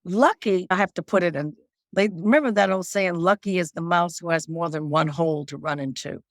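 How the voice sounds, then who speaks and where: Older lady, low voice, dry close sound, chatty storyteller who repeats herself for emphasis. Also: fairly quick, no echo. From Detroit. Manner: animated storyteller, repeats phrases. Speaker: guest singer. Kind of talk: casual interview chat.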